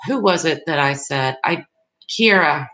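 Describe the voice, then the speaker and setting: A woman's voice: deep voice, lively intonation, a little slow, pushed and bright, a little hiss or hum, poor audio. A woman giving live tarot readings, speaking directly and reassuringly to her viewers in a loose, rambling way. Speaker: tarot reader.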